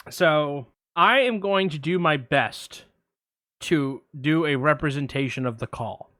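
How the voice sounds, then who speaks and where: A man co-hosting a podcast, telling a story in a casual, animated way with lots of fillers. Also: fairly high pitch, measured pace, no room sound, studio quality. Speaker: podcast co-host. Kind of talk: casual chat.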